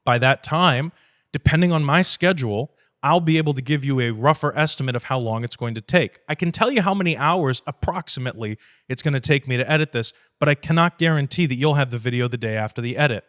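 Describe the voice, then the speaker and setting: A man hosting a podcast, speaking bluntly and profanely, lively, acting out conversations with clients. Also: mid-range voice, quick pace. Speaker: podcast host. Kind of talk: casual podcast talk.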